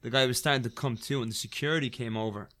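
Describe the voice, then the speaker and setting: Bright-voiced man telling stories. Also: mid-range voice, fast talker. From Ireland. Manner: animated, rambling, frequent "like" and "right?". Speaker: guest, former fighter. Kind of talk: casual storytelling.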